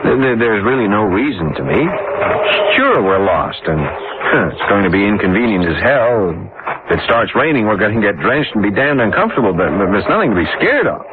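A man's voice: fairly low pitch, big pitch swings, fairly quick. An actor playing a cocky young husband who blusters and stammers when he is unsure, in a 1940s-style radio drama. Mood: reassuring. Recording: tinny hissy old radio broadcast.

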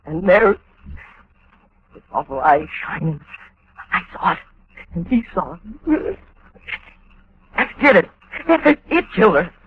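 A man's voice: sits high, husky, exaggerated voice. An actor playing a terrified, simple-minded man fleeing a manhunt, stammering and pleading in old-time radio drama style. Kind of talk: 1940s radio acting. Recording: dull old radio recording with hiss.

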